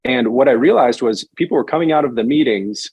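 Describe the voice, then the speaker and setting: A man, a financial advisor guest on a podcast, telling his career story in a relaxed conversational way. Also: mid-range voice, fairly quick, slightly rough, no echo. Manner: animated storyteller, acts out quoted voices.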